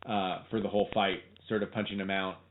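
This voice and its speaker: A man co-hosting a casual sports podcast, talking in a rambling, animated way and often restarting his sentences. His voice comes through a tinny, phone-like line with a faint hiss underneath. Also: sits low, fairly quick. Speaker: podcast co-host.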